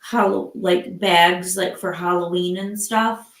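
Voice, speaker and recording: Slow-talking older woman, rambling chat. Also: lowish voice, fairly even intonation, reverberant, low-quality recording. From Michigan. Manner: rambling, many fillers and restarts. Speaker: live stream host. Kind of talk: casual chat.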